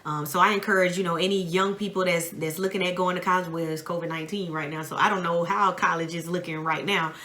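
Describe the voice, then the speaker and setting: Relaxed Southern American woman, bright low voice. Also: fast, hardly any pauses. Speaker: podcast co-host. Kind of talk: casual chat.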